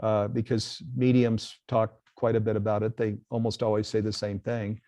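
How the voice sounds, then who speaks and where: A man's voice: lowish voice, little pitch movement, moderate pace, dark tone, dry recording. A man hosting a live spiritual webcast, talking earnestly and reading viewer questions aloud. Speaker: host. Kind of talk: casual live webcast talk.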